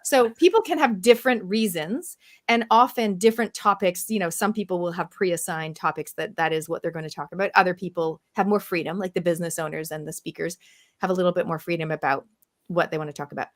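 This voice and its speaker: A woman's voice: fairly low pitch, fast talker. A woman hosting a video call chat, talking in a chatty way and telling stories with quoted asides. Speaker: host. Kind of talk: casual chat on a live stream.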